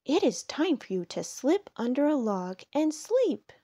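A woman voicing a stuffed, weary woodchuck in a storybook, sighing slowly. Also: high voice, very animated, dark tone, voice pushed up. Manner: sighing, slow. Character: full, weary woodchuck ready to sleep.

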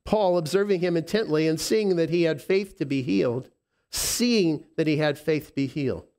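Pastor with a lisp, preaching emotionally. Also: male voice, fairly high pitch. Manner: emotional, halting with repeated restarts, swinging from soft to emphatic. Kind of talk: sermon.

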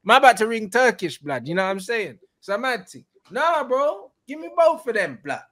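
Animated young man, high voice. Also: normal speed. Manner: slangy, laughing, animated. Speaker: football fan co-host. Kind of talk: casual football banter.

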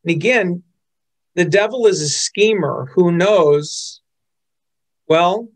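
A man's voice: high voice, slow. A man in his fifties giving an earnest, storytelling sermon as pastor. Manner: earnest, storytelling, quotes others in changed voices.

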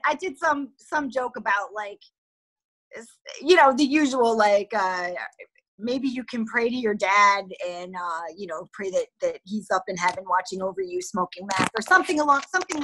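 A woman from Cleveland chats as a guest comedian from home over a video call. Her voice is somewhat high and bright. She tells stories in a giggly, chatty way. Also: normal speed. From Cleveland, USA. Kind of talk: casual chat.

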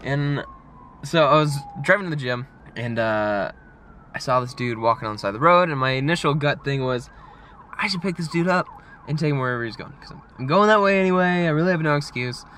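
A young man talking casually to camera in a vlog, chatty and animated, laughing often. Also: mid-range voice, fast, a little hiss or hum. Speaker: vlogger. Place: gym parking area.

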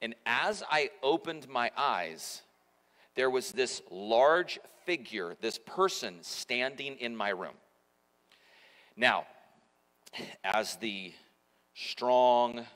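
A man's voice: mid-range voice, a bit bright. Pastor in his forties, man, chatty sermon delivery, long church reverb. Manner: conversational, self-mocking storytelling. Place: church auditorium. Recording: echoey church hall.

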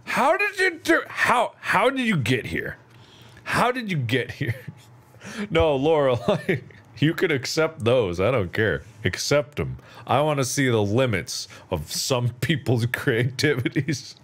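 A man's voice: medium pitch, very animated, slow, fairly bright tone. A man giving live gameplay commentary as a streamer, playful and sarcastic, teasing with mock outrage and laughing often.

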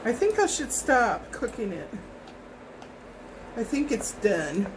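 A woman's voice: on the high side, very animated, slow pace, background noise. A middle-aged woman from Hawaii cooking in her home kitchen, chatting in a rambling way as she tastes and snacks. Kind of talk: casual cooking chat.

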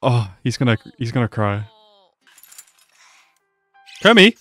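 A young man giving casual, excitable commentary as he reacts to an anime episode, talking back at the screen. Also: fairly low pitch, moderate pace, dry recording, faint music behind.

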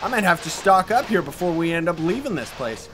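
A man doing let's play commentary, loud and excitable, often yelling at enemies. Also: sits high, fairly quick, soft background music.

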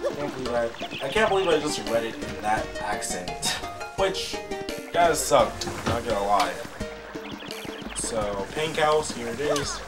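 A man's voice: medium pitch, expressive, a little slow. A man giving casual, offhand and self-mocking gameplay commentary as a let's play host, with game music behind and the mic a little distant.

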